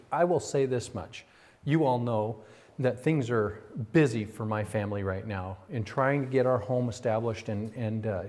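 A middle-aged man preaching a sermon as a pastor, swinging between raised, emphatic stretches and quiet, confiding asides. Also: medium pitch.

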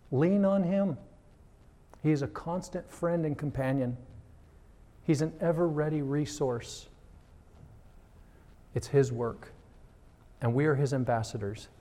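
Animated pastor preaching a sermon. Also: male voice, fairly high pitch, unhurried, long pauses. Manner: animated, acts out quoted voices and prayers. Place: church.

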